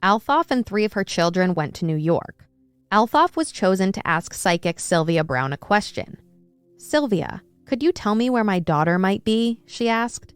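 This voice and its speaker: A woman's voice: medium pitch, big pitch swings, moderate pace, clear, resonant tone, dry recording, soft background music. A woman co-hosting a true crime podcast, reading news quotes and ranting indignantly with frequent swearing.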